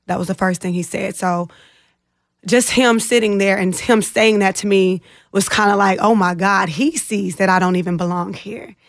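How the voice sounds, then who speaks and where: A woman's voice: medium pitch, normal speed, no room sound, studio quality. A woman guest in an interview, earnestly retelling a distressing personal experience and acting out others' words. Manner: earnest, emotional retelling with animated quoted voices.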